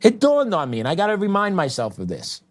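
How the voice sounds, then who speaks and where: A man's voice: high-pitched, wildly swooping pitch, fast. A middle-aged man hosting a show, delivering a heated political commentary monologue with asides and short laughs. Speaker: show host.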